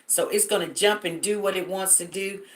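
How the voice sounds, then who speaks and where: A woman's voice: mid-range voice, steady tone, moderate pace. Chatty woman hosting a live stream. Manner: chatty, storytelling, addresses viewers directly, many fillers. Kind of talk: casual live-stream chat. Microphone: phone.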